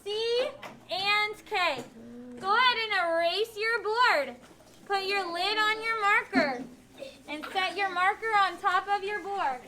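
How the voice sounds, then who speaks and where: Very high-voiced North Missouri woman teacher. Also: slow, sharp tone. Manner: firm, clear step-by-step directions to children. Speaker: elementary school teacher. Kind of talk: classroom spelling instruction. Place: classroom. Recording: classroom recording with background noise. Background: children in the class.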